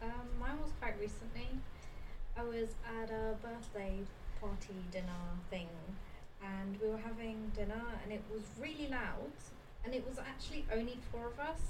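A woman with a high voice tells a story on a podcast, quiet and low-key in her delivery. She sits away from the mic, and a clear layer of background noise runs under her. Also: moderate pace, distant mic. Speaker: podcast co-host. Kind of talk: casual storytelling.

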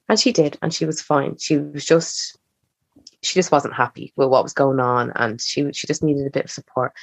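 Brisk and gravelly, a young woman's deep voice holds a steady tone as she, a podcast guest, shares a personal story in a chatty way, acting out the dialogue she quotes. The dry recording sounds slightly dull and muffled.

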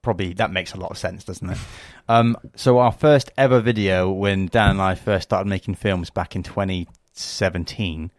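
Podcast co-host: young British man, very low voice, playful and quick with the jokes. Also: steady tone, no echo. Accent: British English. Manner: teasing, asks quick questions. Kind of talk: casual chat.

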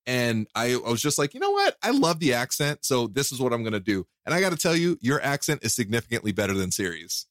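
An excitable American man hosting a casual remote podcast interview, gushing and laughing. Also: mid-range voice, fast, few pauses, dry recording, clean studio sound. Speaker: podcast host.

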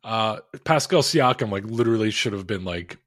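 A man co-hosting a casual podcast, relaxed and easygoing, reading off stats and laughing easily. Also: fairly low pitch, normal speed. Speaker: podcast co-host. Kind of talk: casual chat.

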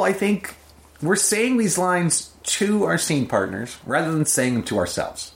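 A man speaking in a relaxed interview, his voice swinging widely in pitch as he tells stories. He jumps up into higher voices for the people he quotes. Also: normal speed, gravelly. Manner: animated storytelling, acts out quoted lines in a high voice. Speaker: improv teacher. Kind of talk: casual interview talk.

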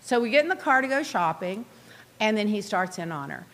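A woman in a casual chat, telling a story in an animated, indignant way with quick asides. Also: mid-range voice. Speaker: guest recounting reality show events.

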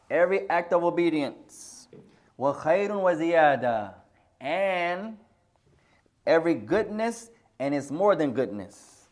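A teasing teacher cracking jokes in class. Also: male voice, on the high side. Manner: playful, teasing, mixes Arabic phrases into English. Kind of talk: joking classroom lecture.

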